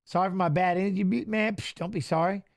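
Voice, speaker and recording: Excitable high-voiced man calling a fight. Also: creaky. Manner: excitable, talks fast over the action, shouts at fighters. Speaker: watch-along host. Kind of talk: live fight commentary and chat.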